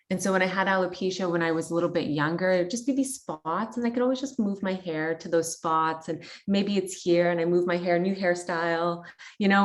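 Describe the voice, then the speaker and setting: A Canadian guest in her thirties tells a personal story candidly and chattily, full of fillers and quoted thoughts, in a lowish voice.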